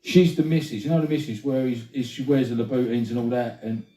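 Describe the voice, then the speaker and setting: A man's voice: mid-range voice, steady tone, quick pace, warm tone. A man, co-hosting a podcast and telling stories in blokey, swearing banter. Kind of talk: casual chat. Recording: roomy, mic at a distance.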